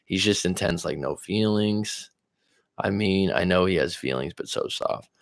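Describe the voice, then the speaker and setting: A man from California hosts a relaxed live stream as a relationship coach, reading viewer messages aloud and riffing on them at a measured pace. His low voice has a gravelly, fry-heavy edge. He talks loosely, drifts between topics, and fills his rambling with fillers and restarts.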